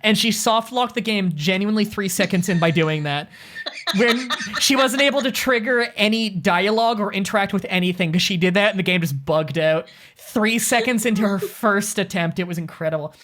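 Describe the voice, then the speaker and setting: A woman's voice: medium pitch, fairly quick, a bit bright. A woman streamer chatting casually while gaming with friends, a rambling storyteller who swears freely. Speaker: streamer playing a hunting game with friends.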